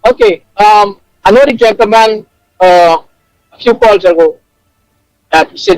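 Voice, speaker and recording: Man, very high voice, halting call-in delivery, dry close sound. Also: no echo, faint music behind, low-quality recording. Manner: hesitant, restarts to make his point. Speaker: caller. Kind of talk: call-in radio.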